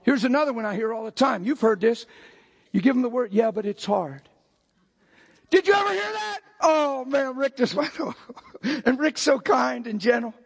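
An older man preaching a sermon as pastor, breaking into sudden shouted outbursts between plain talk. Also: very high voice, vocal fry, breathy edge.

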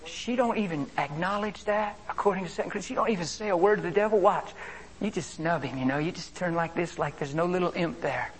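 A man preaching a sermon with animated delivery, swinging between loud exclamations and hushed asides. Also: high-pitched, fast, slight background noise.

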